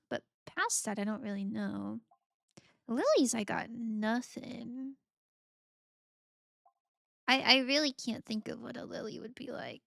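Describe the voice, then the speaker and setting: Woman streamer, casual playful chat; slightly high voice with some vocal fry, dry close mic. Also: expressive, unhurried, long pauses, a bit bright, no echo. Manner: playful, rambling, giggly, reads out chat. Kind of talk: casual live-stream chat while gaming.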